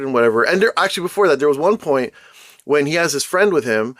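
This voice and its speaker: A young man of Caribbean background giving casual commentary as a show host, animated, acting out quotes as he retells. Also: medium pitch, quick pace, no room sound, clean studio sound.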